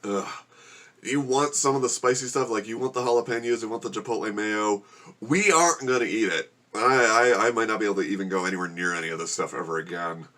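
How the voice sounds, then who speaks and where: Guy at home moaning thru a super spicy burger, lowish voice, groans a lot. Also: quick pace, bright, forceful tone. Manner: groaning and complaining while eating spicy food. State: suffering from spicy food. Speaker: vlogger. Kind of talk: casual vlog to camera. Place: home room with a gecko habitat.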